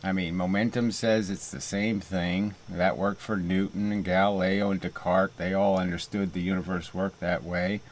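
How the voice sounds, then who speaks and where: A man's voice: low-pitched, flat delivery, moderate pace, hardly any pauses, a little hiss or hum. A man hosting a casual video monologue and mock debate, rambling with many fillers and restarts. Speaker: host.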